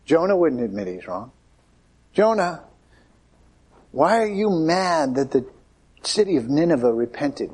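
A man's voice: fairly high pitch, huge pitch swings, a little slow, pauses often, darkish tone, slightly rough. Man preaching a chatty sermon. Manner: conversational, acts out voices of Bible figures.

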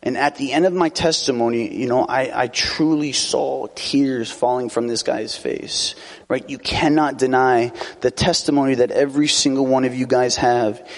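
A man's voice: medium pitch, fairly even intonation, normal speed. A man preaching a sermon in a casual, conversational way, often adding tag questions and light laughs.

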